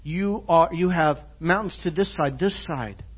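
A male pastor delivers an earnest sermon in a fairly high, husky voice. His delivery swings from quiet intensity to loud emphasis. The recording is dull and lo-fi, captured in a church. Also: unhurried. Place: church sanctuary.

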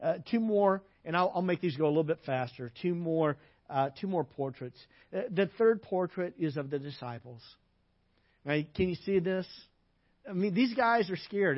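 Pastor preaching in a lo-fi recording. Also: male voice, sits high, animated, moderate pace. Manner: personal storytelling, drops to a hush at sad moments and acts out quoted lines. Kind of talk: sermon.

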